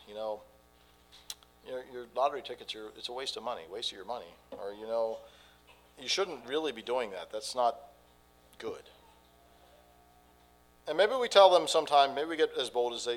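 A man preaching a sermon, swinging between quiet and loud delivery. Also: medium pitch, lively intonation, normal speed, long pauses, poor audio. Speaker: pastor.

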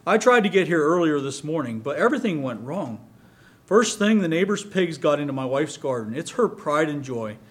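A man's voice: a little high, big pitch swings, moderate pace. A man voicing a patient middle-aged farmer who talks earnestly about his troubles. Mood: troubled.

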